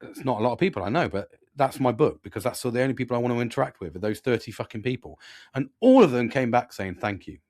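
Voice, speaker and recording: A man's voice: medium pitch, expressive, fast, darkish tone, no echo. British guy in his 40s doing a podcast monologue, earnest and sweary, lots of restarts, dry close sound. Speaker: podcast host.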